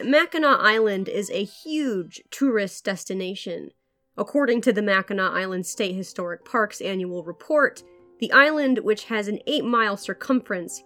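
A woman narrates a history podcast in a measured, scripted storytelling voice. Her pitch sits mid-range for a woman. Now and then she adds a dry, wry aside. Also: fairly bright tone. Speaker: podcast host.

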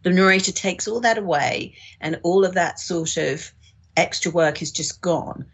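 A woman's voice: on the low side, normal speed, husky. A woman, an audiobook director, explaining her work in a casual discussion with frequent restarts. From United Kingdom.

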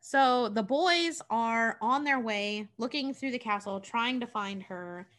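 A woman's voice: a little high, takes it slowly, fairly bright tone. A woman casually retelling a story, chatty and profane, with lots of "like.". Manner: chatty, profane, filler-heavy.

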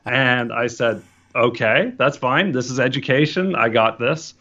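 In this recording with the highs cut off, a man speaks a little slowly at medium pitch. Casually, he shares an animated tale of his start in wedding photography, performing the dialogue as he goes.

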